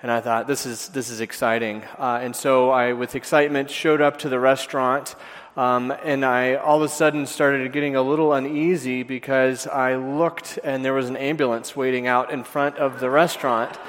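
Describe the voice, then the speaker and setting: A man preaches in a mid-range voice. He speaks haltingly, with frequent filler words and restarts. His voice carries a long reverb from a church sanctuary. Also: mid-range voice, level tone, fairly bright tone. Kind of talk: sermon with personal story.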